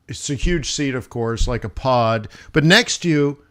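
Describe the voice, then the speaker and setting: A man from the United States rambles casually on a live stream, restarting his sentences and laughing at his own story. His voice sits at an ordinary middle pitch, and he talks like a trader chatting with viewers between charts. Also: unhurried, fairly bright tone, smooth. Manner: chatty, many restarts, laughs while telling stories. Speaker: livestream host, forex trader. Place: home studio during live stream.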